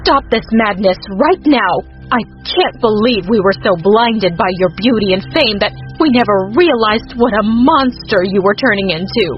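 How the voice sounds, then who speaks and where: A woman's voice: medium pitch, moderate pace, natural voice. A woman voicing a stern, fed-up mother who scolds firmly, in a storytime animation. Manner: firm, scolding. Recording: muffled, lo-fi, faint music.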